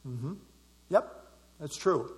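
A man's voice: fairly high pitch, lively intonation, slow pace, in a large hall. A man leading a Bible study class, explaining scripture verse by verse with emphasis.

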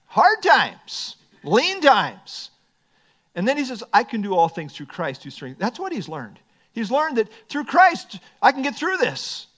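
A man preaching a sermon, quoting scripture and dropping into quiet, joking asides. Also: extremely high pitch, unhurried. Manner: expressive, swings between emphatic and quiet asides; quotes scripture, light humor. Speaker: pastor.

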